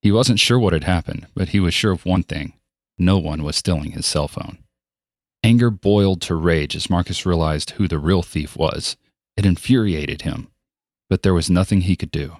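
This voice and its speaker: A man narrating an audiobook in an even, steady storytelling voice. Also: sits low, moderate pace, no room sound, clean studio sound. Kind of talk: scripted narration.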